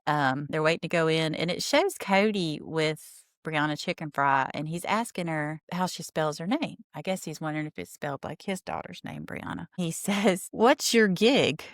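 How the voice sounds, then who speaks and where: A woman chatting through a casual recap of a TV show, animated and acting out the people she quotes. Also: deep voice, dry recording, studio quality. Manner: chatty, animated, quick laughs, acts out quotes.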